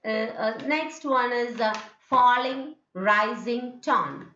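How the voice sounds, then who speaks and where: Speaking slowly in a slightly high, bright, forceful voice, an Indian English–accented woman lectures on phonetics for distance learners, acting out intonation patterns and repeating "okay" and "isn't it." The classroom recording is dull and roomy, with slight background noise.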